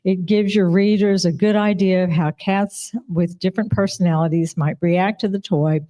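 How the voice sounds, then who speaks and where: A woman's voice: on the low side, steady tone, moderate pace, mellow. A woman reading out award winners at a live ceremony, chatty and giggly, apologizing when she trips over names. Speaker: awards presenter.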